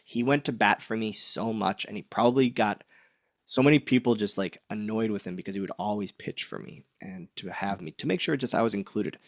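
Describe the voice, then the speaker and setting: A man in his late thirties, a wrestler and author appearing as an interview guest, tells a candid, heartfelt story, laughing and acting out what others said. His voice is lowish and brisk, recorded cleanly in a studio with no echo.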